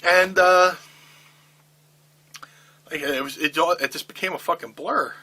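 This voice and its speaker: A man's voice: fairly high pitch, measured pace, slightly rough. A middle-aged man telling a candid, profane backstage story in an interview, acting out what people said. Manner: profane, animated storytelling with acted-out quotes.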